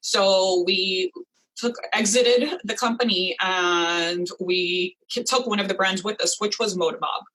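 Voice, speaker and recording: A woman in her thirties answers questions as a podcast guest. Her voice sits at a middle pitch. She speaks conversationally, leaning on "you know" as she goes. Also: steady tone, measured pace, a bit bright, poor audio. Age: 30s. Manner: conversational, frequent "you know"s and light laughs. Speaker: guest, business founder. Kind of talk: casual interview.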